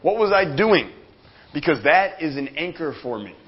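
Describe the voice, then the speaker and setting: A man giving a live motivational seminar talk, energetic and profane, speaking straight to the audience in the room. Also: on the high side, moderate pace. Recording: dull lo-fi sound.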